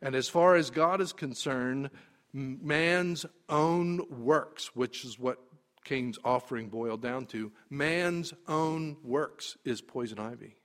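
Male preacher going slow, bright edgy tone, gets loud then hushed. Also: mid-range voice. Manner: emphatic, slow, swings from quiet to loud. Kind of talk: sermon.

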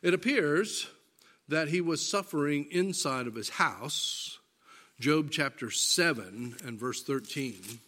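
Male preacher, unhurried, bright and forceful tone, emphatic sermon delivery. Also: on the high side, animated. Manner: deliberate and emphatic, reading scripture aloud.

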